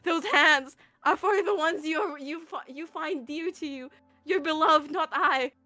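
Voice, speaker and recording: A woman plays a lofty, stiffly formal woman who talks in old-fashioned, high-flown terms. Her voice sits high, with a cool, distant poise. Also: a little slow, sharp tone, no room sound, faint music behind. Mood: reproachful. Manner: stilted, archaic, lofty.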